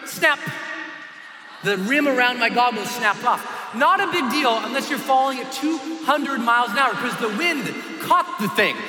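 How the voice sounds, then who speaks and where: Brief: very high-pitched male motivational speaker, wildly lively delivery, shouts a lot, roomy hall with noise behind. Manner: animated, shouting, bursts of screaming. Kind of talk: storytelling speech on stage.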